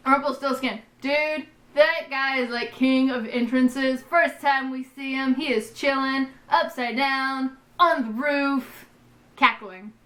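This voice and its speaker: A young woman in her twenties chatting in a rambling, excitable, self-deprecating way as she reviews a TV episode on a vlog. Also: sits high, slow, roomy sound. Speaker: vlogger. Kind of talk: casual TV episode review chat.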